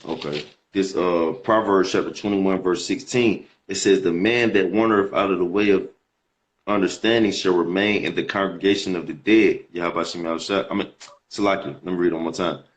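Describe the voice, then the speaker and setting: Deep-voiced man preaching casually. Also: steady tone, brisk. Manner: slangy, repeats words while reading. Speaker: preacher in a scripture debate. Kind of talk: casual preaching with scripture reading.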